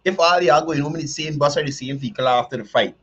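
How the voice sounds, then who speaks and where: A man's voice: on the high side, fast, fairly bright tone, slightly rough. A man hosting a show, giving emphatic, joking commentary that repeats its points. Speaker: show host. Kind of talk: casual commentary. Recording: dull lo-fi sound.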